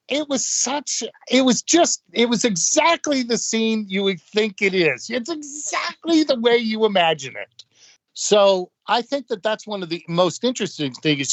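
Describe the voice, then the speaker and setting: A man's voice: high-pitched, no echo. An older man, a guest musician, telling casual stories and acting out what others said. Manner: rambling, acts out quotes of others. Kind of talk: casual anecdotal storytelling. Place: podcast studio. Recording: dull, dry studio audio.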